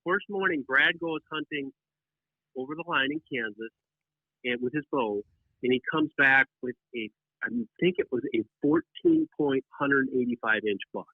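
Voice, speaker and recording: Male guest storyteller, animated and rambling, mid-pitched, on a tinny dry phone line. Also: normal speed, no echo. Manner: animated, rambling with many restarts. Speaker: podcast guest, deer hunting writer. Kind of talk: casual storytelling.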